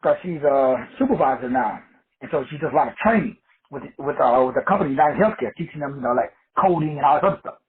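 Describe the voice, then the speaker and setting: A man's voice: medium pitch, expressive, fast, breathy edge. A man teaching metaphysics in a casual, profane storytelling talk, looping back with stammered restarts. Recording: tinny phone-like lo-fi sound.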